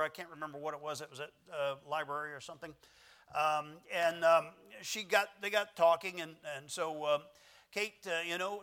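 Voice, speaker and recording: A man's voice: high-pitched, sharp tone. A male pastor preaching an evening church sermon in a folksy, rambling way, full of fillers and little self-deprecating chuckles. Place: church sanctuary.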